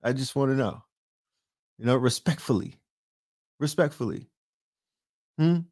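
Hosting a livestream late at night, this man trash-talks with brash profanity and keeps firing rhetorical asides at his audience. He speaks at a mid-range pitch with lively intonation, a little slowly, in a somewhat mellow tone. The sound is clean studio audio without echo.

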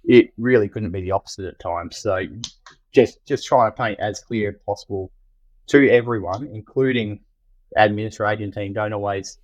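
A man's voice: lowish voice, moderate pace, poor audio. An Australian man, the general manager of a trade business, chatting casually on a podcast with lots of fillers and restarts. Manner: loose and conversational, many fillers and restarts.

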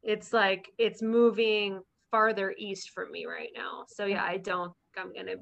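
A woman's voice: mid-range voice, little pitch movement, measured pace, vocal fry, fairly bright tone. A woman guest on a podcast, chatting casually and laughing often over a remote call. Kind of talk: casual interview chat. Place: at home in a fire warning zone.

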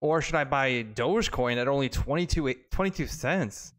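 A man in casual crypto chat, eager and excitable, with swearing mixed in. His voice sits at a middle pitch. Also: normal speed, faint music behind. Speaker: co-host reading viewer chat.

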